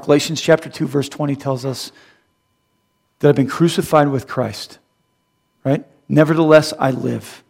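A middle-aged man preaches to his congregation with a slightly high-pitched voice. He is animated and humorous, swinging from loud emphatic bursts to quiet earnest passages. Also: normal speed, vocal fry. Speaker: pastor. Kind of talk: sermon.

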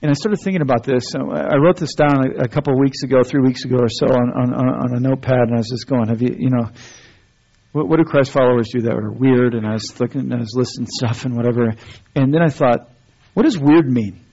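A man's voice: medium pitch, fast, creaky, warm tone, breathy edge. A man preaching a sermon to his church, talking conversationally with many restarts and building to emphatic stretches. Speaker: pastor. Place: church sanctuary. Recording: dull lo-fi sermon recording.

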